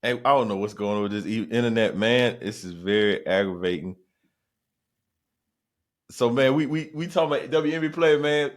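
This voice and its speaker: A man's voice: mid-range voice, moderate pace. A man hosting his podcast, telling a casual comic story and jumping into other people's voices. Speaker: podcast host.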